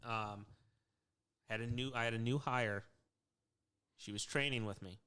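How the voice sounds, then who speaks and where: A man who once worked in social work, telling a long work story in casual chat with many fillers, restarts and frequent throat clearing. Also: medium pitch, unhurried, sharp tone. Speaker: podcast co-host.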